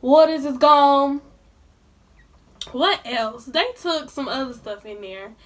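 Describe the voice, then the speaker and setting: A woman's voice: sits high, slow pace, fairly bright tone, a little hiss or hum. A young woman telling a storytime vlog in colloquial speech, indignantly ranting straight to her viewers. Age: young adult. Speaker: vlogger.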